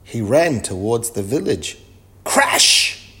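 A man reading a children's story aloud with lively expression. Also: sits low, slow pace. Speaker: narrator.

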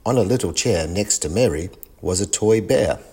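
A man reading a children's storybook aloud in a gentle, even storytelling manner. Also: low voice, moderate pace, breathy edge. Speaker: storybook reader.

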